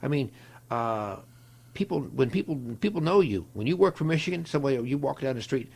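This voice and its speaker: Gravelly older man telling stories. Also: medium pitch, fairly quick. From Ohio, USA. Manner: animated storyteller, acts out quoted voices. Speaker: guest, longtime football equipment manager. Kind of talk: storytelling interview.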